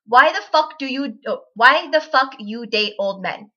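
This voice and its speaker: A giggly woman in her twenties rambles to camera and often pokes fun at herself. Her voice is bright and a little high, and the home audio sounds dull and lo-fi. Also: animated, a little slow, hardly any pauses. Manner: giggly, rambling, self-deprecating. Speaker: vlogger. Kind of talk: casual chat to camera.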